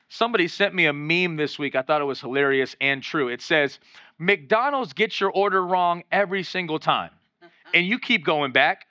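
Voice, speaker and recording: A man's voice: a little high, expressive, normal speed, bright, forceful tone, dry recording. A male pastor preaching a sermon, exhorting the congregation and acting out voices in his retellings. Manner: acts out voices when retelling scenes.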